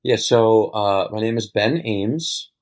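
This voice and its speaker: A young man from Baltimore with a Baltimore accent, a meteorologist chatting casually as a podcast guest, relaxed and quick to laugh. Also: on the low side. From Baltimore, Maryland. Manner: laughs often, relaxed, rambling.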